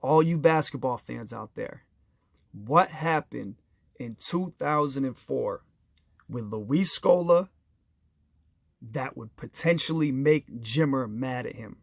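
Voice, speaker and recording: Man, casual storytelling, upbeat, chatty, mid pitch, dry close sound. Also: takes it slowly, creaky, no room sound. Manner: enthusiastic, conversational, addresses listeners directly; briefly acts out other people's voices in quoted dialogue. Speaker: storyteller sharing basketball anecdotes.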